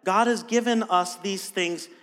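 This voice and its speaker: A high-pitched man preaches a sermon, putting weight on key words and posing rhetorical questions. His voice carries a long reverb tail from the hall around him. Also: fairly bright tone. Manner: emphatic, rhetorical questions, slows for stress. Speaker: pastor.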